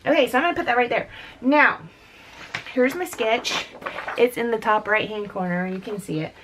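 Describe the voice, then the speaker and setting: In this noisy clip, a woman with a fairly high voice talks at a normal pace while hosting a scrapbooking video from her home craft room, the door left open. She rambles casually as she crafts, often calling her viewers "dude."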